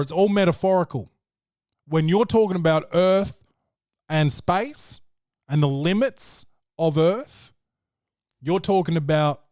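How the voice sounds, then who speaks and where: A man's voice: fairly high pitch, a little mellow, dry recording, clean studio sound. A man hosting a podcast, recapping a film in a brash, profane and joking way. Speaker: podcast host. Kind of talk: casual film review chat.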